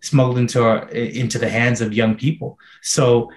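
Man with a flat, roomy-sounding voice. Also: mid-range voice, normal speed. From Canada. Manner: thoughtful, searching, many fillers and restarts. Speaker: filmmaker. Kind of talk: Q&A interview answers. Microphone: video call.

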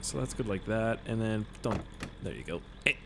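A man giving excitable, jokey gameplay commentary full of swearing, sounding a bit tipsy. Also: lowish voice, moderate pace, creaky, noisy background. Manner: excitable, profane, jokey, yelps and laughs at the game. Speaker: gaming video host.

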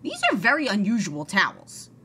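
A woman voicing a mildly puzzled gentleman of the house in a storybook reading. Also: medium pitch, big pitch swings, normal speed, slight background noise.

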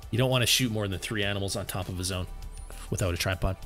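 A man with a fairly low voice talks through a live game stream, chatty and a little tired. He answers questions from his viewers between shots. Faint game music plays softly behind him. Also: fast talker. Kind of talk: live gameplay commentary.

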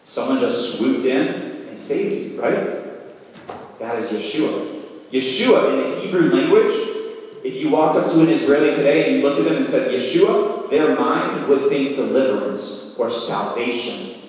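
A man's voice: medium pitch, lively intonation, a little slow, a little mellow. A man giving a sermon, walking his listeners through imagined scenes with vivid storytelling. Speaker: preacher. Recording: roomy hall, mic from far off.

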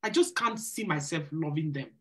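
A woman's voice: low voice, lively intonation, normal speed. A woman hosting a live church singles Q&A, giving marriage and courtship advice in an earnest, preacherly way, repeating phrases for emphasis. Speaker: church singles ministry host. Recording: live stream.

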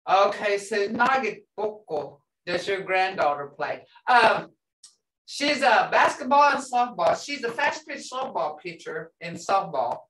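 A woman's voice: mid-range voice, animated, unhurried, a bit bright. A woman teaching a language class, patiently repeating words and sounds for her students. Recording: roomy sound from a distance.

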